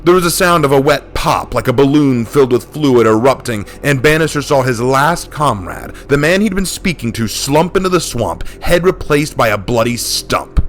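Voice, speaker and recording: A man telling a dark war story in a steady, dramatic scripted narration. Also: mid-range voice, normal speed, few pauses, slight background noise.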